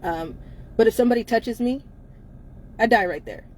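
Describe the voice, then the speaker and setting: A woman's voice: fairly high pitch, animated, moderate pace, slight background noise. A woman co-hosting a casual live-stream chat from inside a car, blunt and emphatic, laughing often between her lines.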